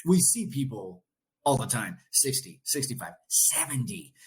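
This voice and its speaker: A man's voice: medium pitch, very animated, measured pace, low-quality recording. A man in his late forties hosting a podcast, chatting casually and animatedly, swearing and laughing freely. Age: late 40s. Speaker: podcast host.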